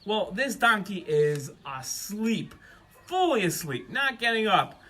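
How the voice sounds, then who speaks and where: A man narrating a children's story as a storyteller, in an animated, expressive way. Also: high-pitched, slow pace.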